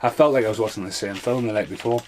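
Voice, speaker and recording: A man's voice: on the low side, rapid-fire, background noise. A man casually reviewing bad films, sarcastic and swearing constantly. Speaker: film reviewer.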